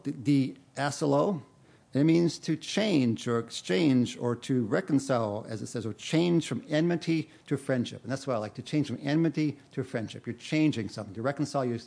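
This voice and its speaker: A man's voice: mid-range voice, creaky, a little mellow. Middle-aged male pastor, chatty self-deprecating sermon delivery, mid-range voice. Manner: conversational, self-deprecating, laughs at himself. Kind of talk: sermon with personal story.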